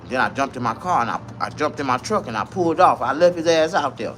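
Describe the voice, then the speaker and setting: A man telling a comic story in a profane, rambling, animated way. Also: medium pitch, fast talker, faint music behind.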